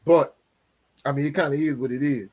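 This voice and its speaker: A man, hosting a casual live sports Q&A, animated and slangy, often tagging on "you know what I'm saying". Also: a little high, brisk. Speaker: sports talk host.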